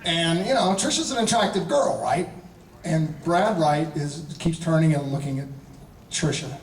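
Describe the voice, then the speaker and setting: A man in his fifties, a guest actor telling a casual anecdote to a convention audience, animated and chuckling, often restarting his sentences. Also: fairly high pitch, unhurried. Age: 50s. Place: large convention hall panel. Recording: echoey hall audio from a distance.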